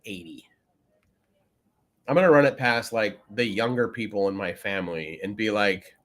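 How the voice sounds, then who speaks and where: A man co-hosting a podcast in casual chat, rambling with many fillers and often trailing off quietly. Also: fairly low pitch, very animated, normal speed. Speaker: podcast co-host.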